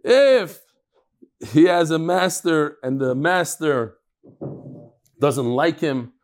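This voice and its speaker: A man teaching a live daily Talmud class, talking quickly and animatedly, with frequent restarts and Hebrew terms. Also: on the high side, lively intonation.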